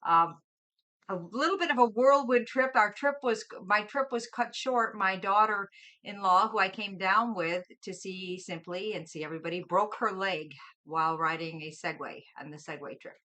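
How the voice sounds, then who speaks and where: Middle-aged woman, live-stream host, chatty and bubbly, crisp bright tone. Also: mid-range voice, moderate pace. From Minnesota. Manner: bubbly, chatty, greets viewers by name with lively swings in loudness. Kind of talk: casual live-stream chat.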